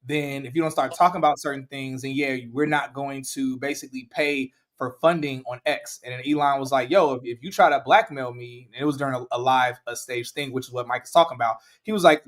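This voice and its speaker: A man, hosting a casual podcast chat, animated and laughing as he acts out quotes. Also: medium pitch, a little fast, few pauses. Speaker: podcast host.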